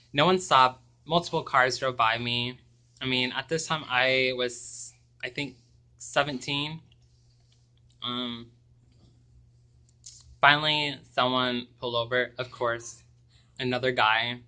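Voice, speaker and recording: A young man speaks slowly and haltingly, pausing often and filling the gaps with ums as he recounts something personal to camera. His voice is strikingly bright and crisp, sitting at an ordinary middle pitch. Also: steady tone. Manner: halting and hesitant, with many ums. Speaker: vlogger.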